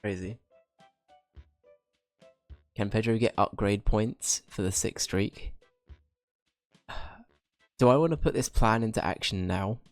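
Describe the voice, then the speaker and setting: Casting note: low-voiced male streamer, stuffy and congested, chatty and rambling, dry mic with faint music. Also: slow pace, long pauses, no echo. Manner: chatty, rambling, addressing chat by name. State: congested, slightly ill. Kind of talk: casual stream chat.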